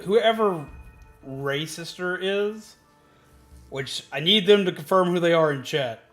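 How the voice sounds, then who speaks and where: A man's voice: high-pitched, slow pace, soft background music. A man streaming a game, chatting casually and yelping at the action. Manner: excitable, yelps at game action. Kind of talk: casual gaming stream chat.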